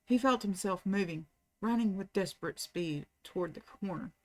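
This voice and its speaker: A woman reads a novel aloud, narrating at a calm, steady pace with the even, clear delivery of a bedtime reading. Her voice sits in a middle range, neither high nor low. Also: normal speed. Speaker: channel host reading aloud.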